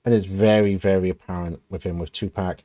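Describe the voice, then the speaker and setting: Thoughtful man with a mellow voice. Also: sits low, steady tone, a little fast, no echo. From United Kingdom. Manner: musing, thinking aloud with many "kind of" and "you know". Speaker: music reaction host. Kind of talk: casual reaction commentary.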